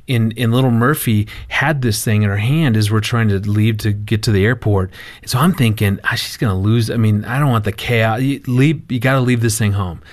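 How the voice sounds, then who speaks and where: A man with a lowish voice shares a personal story in a casual conversation. He tells it with animation and acts out the quoted dialogue. The recording is dry and close. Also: no room sound. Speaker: marriage counselor and guest.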